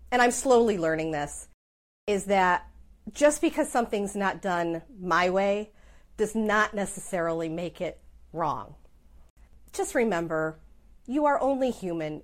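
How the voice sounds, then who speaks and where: Chatty, self-deprecating woman business owner. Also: mid-range voice. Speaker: small business owner giving advice. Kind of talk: casual advice vlog.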